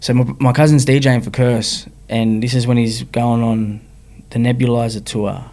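A rapper from Sydney, Australia, talks openly about his personal story as an interview guest. His mid-range voice is warm, with fairly even intonation and a moderate pace, and his slangy talk keeps circling back to "you know what I mean."

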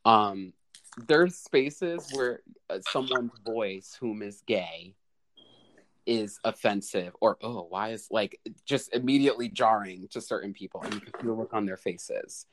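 A man in a heated panel debate, talking in bursts, restarting his sentences and jumping up to high exclamations. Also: a little slow, background noise. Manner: lively, restarts often, rising to high exclamations.

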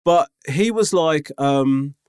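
A man's voice: fairly high pitch, slow, darkish tone, clear, resonant tone, no echo, clean studio sound. A man chatting casually, telling a travel story with wry asides. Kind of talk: casual chat.

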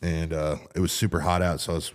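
A man with a very low, deep voice holds forth in loose podcast banter. He tells crude, profane stories in a relaxed, storytelling way. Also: fast. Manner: crude joking storyteller, swears freely. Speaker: podcast host.

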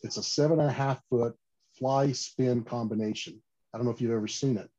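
A man telling stories about fishing rods in a casual interview, animated and full of restarts and "you know". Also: mid-range voice, brisk. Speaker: fishing gear company guest. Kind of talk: casual podcast interview storytelling. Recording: slightly dull lo-fi audio.

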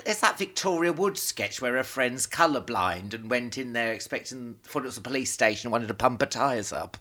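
A man hosting a casual chat, teasing his guest with quick jokey asides. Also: medium pitch, lively intonation, pushed and bright. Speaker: host.

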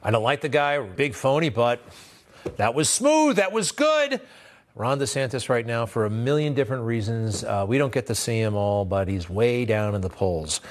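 A man's voice: medium pitch, brisk, few pauses. A man hosting a news show, giving blunt, sarcastic political commentary in a conversational way. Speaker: host.

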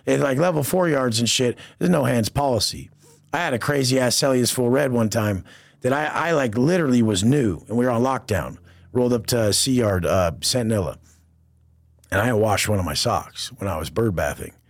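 Gravelly, profane man telling prison stories. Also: medium pitch, brisk, no room sound. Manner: profane, animated street slang, acts out quoted voices. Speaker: podcast guest. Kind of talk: casual storytelling interview.

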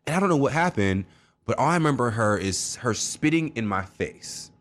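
A man in casual chat, telling stories with sassy, animated asides. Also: mid-range voice, moderate pace.

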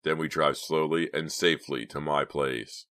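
A man's voice: extremely low pitch, steady tone, moderate pace, bright, forceful tone, dry recording. A man voicing an impatient, bossy teenage boy who talks in a curt, exasperated way.

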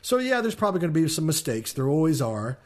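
A man's voice: fairly high pitch, big pitch swings, fast. Male podcast co-host, casual, rambling delivery full of fillers. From Kansas City, USA. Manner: rambling, frequent ums and restarts. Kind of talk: casual chat.

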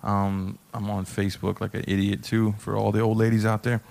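A young man, a stand-up comedian, telling a story in a casual, profane, animated way as a podcast guest. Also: lowish voice, a little fast, creaky. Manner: profane, animated, acts out quotes.

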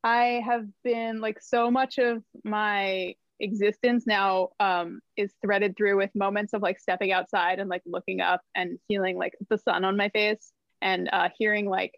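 A woman from New Jersey, a songwriter guest on a podcast, talking in a thoughtful, halting and wryly playful way. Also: mid-range voice, flat delivery, no room sound. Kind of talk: casual interview chat. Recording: dull lo-fi mic.

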